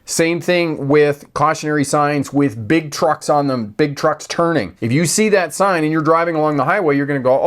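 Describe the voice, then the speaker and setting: A man's voice: a little high, moderate pace, few pauses. A man from Canada, a driving instructor, giving a casual live-stream driving lesson with frequent check-ins. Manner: conversational, checks in with "okay?" and "all right?".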